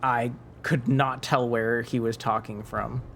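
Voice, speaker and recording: Slow, rambling male streamer. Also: medium pitch, flat delivery, a bit bright, a little hiss or hum. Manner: rambling, muses aloud while chatting with viewers. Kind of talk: casual gaming chat.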